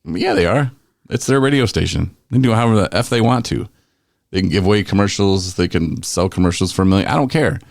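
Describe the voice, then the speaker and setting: A man's voice: sits low, fast, vocal fry, no room sound, clean studio sound. A man hosting a podcast, telling stories in a laid-back, chuckling way and acting out quotes. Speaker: podcast host. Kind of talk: casual podcast storytelling.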